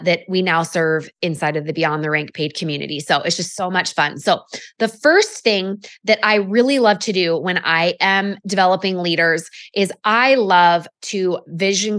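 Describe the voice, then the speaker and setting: A woman's voice: on the low side, a bit bright, no room sound, studio quality. A woman hosting a podcast, coaching listeners in a chatty, upbeat way with many casual fillers. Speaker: podcast host and network marketing coach. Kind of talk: solo podcast teaching.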